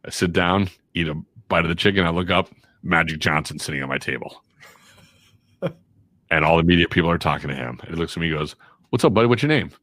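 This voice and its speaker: A man from Chicago swaps stories on a casual podcast, animated and quick to poke fun at himself. His voice sits very low and the sound is dry and close. He acts out the people in his stories as he goes. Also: dry recording. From Chicago, USA. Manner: animated, self-mocking, acts out quotes. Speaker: guest, radio and voiceover artist.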